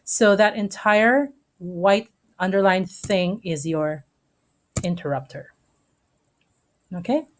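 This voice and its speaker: A woman teacher giving a recorded online lesson to students, explaining step by step and checking in often with a quick "okay?". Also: medium pitch, slight background noise.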